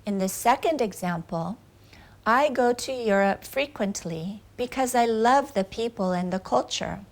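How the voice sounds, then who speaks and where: A woman's voice: a little high, animated, unhurried. A woman teaching English grammar in a video lesson, explaining carefully and reading out example sentences.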